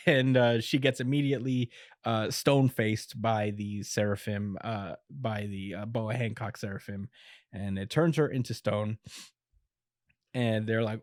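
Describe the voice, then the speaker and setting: A man's voice: lowish voice, fairly even intonation, unhurried, darkish tone, no echo, studio quality. A man hosting a podcast, casually recapping an episode with chuckles and plenty of filler words. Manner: laid-back retelling with chuckles and filler words. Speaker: podcast host. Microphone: podcast mic.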